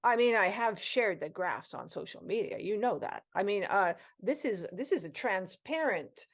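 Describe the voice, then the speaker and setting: A woman in an improv comedy scene, playing an awkward, self-important researcher sister who talks haltingly with many restarts. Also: mid-range voice, lively intonation. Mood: defensive. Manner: halting, hesitant, full of restarts. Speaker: improv performer.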